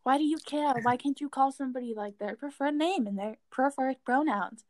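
A young woman rants in a casual chat, heated and exasperated, with "like" scattered through her sentences. Her voice sits fairly high. The recording is dry and close, with no room sound. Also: brisk, a little mellow, dry recording. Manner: heated, exasperated, lots of fillers.

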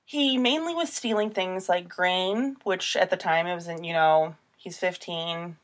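A woman's voice: lowish voice, unhurried. A woman co-hosting a casual true-crime podcast, telling a case in a chatty, rambling way with many fillers. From Midwestern United States. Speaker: podcast co-host.

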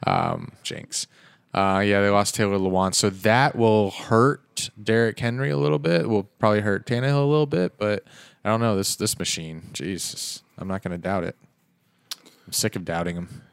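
Low-voiced man in a dry room. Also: vocal fry, clean tone, dry recording. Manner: quick, joking, laughing. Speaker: podcast co-host. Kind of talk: casual sports chat.

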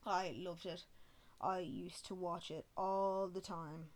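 A woman's voice: on the low side, fairly even intonation, takes it slowly. A woman, telling stories in a casual, self-mocking way and swearing freely. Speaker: vlogger. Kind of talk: casual storytelling.

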